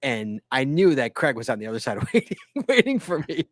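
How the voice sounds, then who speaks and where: A man's voice: mid-range voice, very animated, a little fast, dry recording, studio quality. A man hosting a casual podcast, telling rambling stories with enthusiasm and frequent laughter. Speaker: podcast host.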